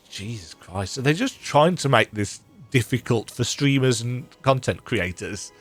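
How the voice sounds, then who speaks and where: A man's voice: mid-range voice, animated, unhurried, hardly any pauses, soft background music. Man with a worn-out voice, chatting over a game. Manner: rambling, self-deprecating. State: strained, worn-out voice. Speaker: game streamer. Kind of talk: casual let's-play commentary.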